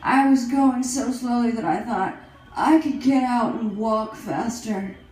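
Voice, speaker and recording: A woman's voice: fairly high pitch, unhurried, noisy background, lightly acted. A woman playing a vain, self-dramatizing aging female celebrity who hosts a comedy show, talking in a rambling, brassy and crude way on a comedy stage. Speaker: comedy show host persona. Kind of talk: stand-up character comedy. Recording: very echoey live room.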